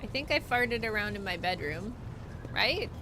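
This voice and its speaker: A woman's voice: medium pitch, lively intonation, moderate pace, background noise. A young woman streaming a video game, chatting playfully and joking with her viewers. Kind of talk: casual gaming stream chat.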